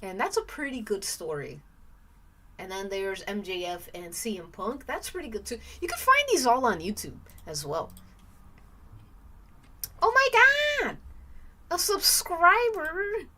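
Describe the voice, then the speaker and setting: A young woman streaming live, chatting casually and rambling with lots of fillers, now and then bursting into excited squeals. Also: medium pitch, moderate pace.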